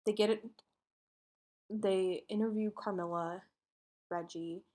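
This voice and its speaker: A woman's voice: mid-range voice, steady tone, slow, darkish tone. A woman co-hosting a podcast, casually retelling a true-crime case and acting out its dialogue in informal speech. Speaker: podcast co-host telling a case.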